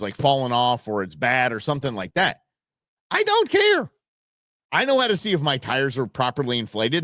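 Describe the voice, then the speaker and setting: A man hosting a live stream, telling a story in a chatty, expressive way. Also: fairly high pitch, no room sound, clean studio sound. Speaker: livestream show host. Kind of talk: casual livestream chat.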